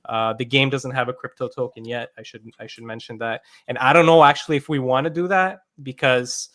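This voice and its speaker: A man's voice: medium pitch, a bit bright. A man who is a game developer, talking through how his game works in a casual podcast chat, with plenty of "like" and "um" along the way. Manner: explains step by step with many fillers.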